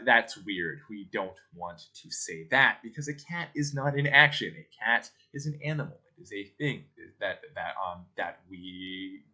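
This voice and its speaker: A man's voice: mid-range voice, bright, forceful tone. A male teacher giving a recorded grammar lesson, explaining patiently step by step and often checking in with the listener.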